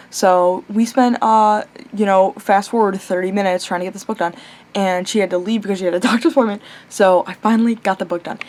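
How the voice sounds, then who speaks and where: A young woman rambles through a late-night vlog in an everyday mid-range voice. Her talk is chatty and animated, full of fillers and restarts, with casual swearing scattered through it. She now and then breaks off to talk to her pet before picking the story back up. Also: medium pitch, fast. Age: young adult. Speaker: vlogger.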